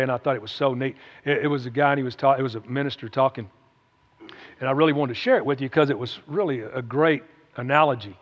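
A man's voice: on the high side, a bit bright. Man, preacher, folksy sermon, long hall reverb. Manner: conversational, folksy, with frequent "amen?" call-outs. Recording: echoey hall, dull lo-fi sound.

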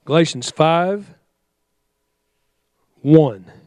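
Fired-up preacher man, high voice. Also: animated, very slow, darkish tone, no room sound, studio quality. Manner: fiery, exhorting, with call-and-response commands. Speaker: pastor. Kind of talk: sermon.

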